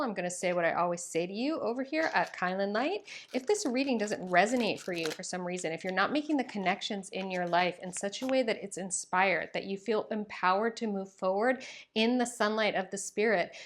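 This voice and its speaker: A woman's voice: medium pitch, slight background noise. A young woman hosting a casual tarot reading to camera, gushing and affectionate, with many ums and likes, recorded at home. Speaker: tarot reader and channel host.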